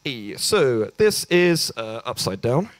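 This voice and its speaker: Slow and mid-range with big pitch swings, a young English comedian works through an open-mic set at a small bar, with no room sound in the recording. He's hesitant and self-deprecating, with plenty of ums and restarts.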